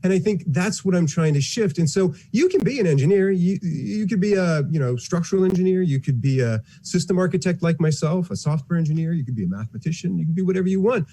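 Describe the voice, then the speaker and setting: A man's voice: high-pitched, animated, fast talker, hardly any pauses, mellow. A man in an interview, talking about engineering and the future with earnest enthusiasm. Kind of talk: interview answers.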